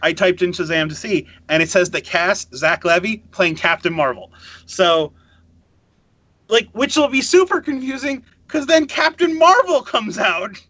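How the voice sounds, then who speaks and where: A man co-hosting a casual podcast, talking in a bright, forceful voice pitched a touch high. He rambles and gets excited easily, laughing along as he goes. The sound is dull and lo-fi. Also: unhurried. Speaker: podcast co-host. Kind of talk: casual chat.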